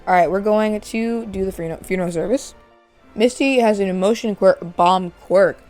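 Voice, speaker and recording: A woman's voice: mid-range voice, moderate pace, darkish tone, soft background music. A woman hosting a casual let's-play, chatting as she narrates her game. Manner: chatty, narrates while playing. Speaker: gaming channel host.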